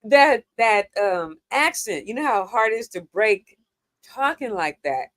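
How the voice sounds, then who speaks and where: A woman from New York hosting a casual chat show, chatty and quick to laugh. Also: on the high side, animated, fairly bright tone, dry recording. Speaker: show host.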